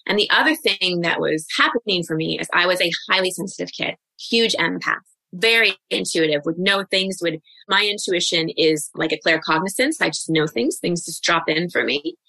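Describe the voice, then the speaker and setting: A woman in her forties, a guest coach on a podcast interview, telling her own story in an open, reflective way with quick asides. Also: lowish voice, creaky, pushed and bright, no echo.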